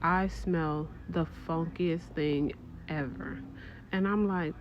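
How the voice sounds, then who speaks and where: A middle-aged woman telling a casual story to her viewers, animated and swearing, with exaggerated disgust. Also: sits low, slow, muffled recording, slight background noise.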